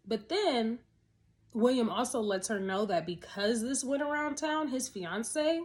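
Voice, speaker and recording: A woman's voice: on the high side, measured pace. Chatty woman recapping a TV episode. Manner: animated, chatty, laughs often, rhetorical questions. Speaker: TV episode reviewer. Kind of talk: casual spoken episode recap.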